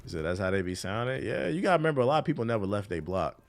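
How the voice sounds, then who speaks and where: A man's voice: lowish voice, very animated, very fast, gravelly. A man with a Washington, D.C. accent casually chatting on a gaming stream, using loose, profane slang and answering chat while he plays. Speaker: livestreamer.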